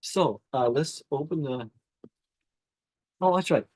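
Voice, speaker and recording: A man hosting a spiritual gathering, reading a devotional account aloud at an unhurried pace and stopping to comment before opening the floor to discussion. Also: mid-range voice, animated, a little mellow, husky, no echo. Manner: reads slowly, stopping to comment and restart phrases. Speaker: satsang host.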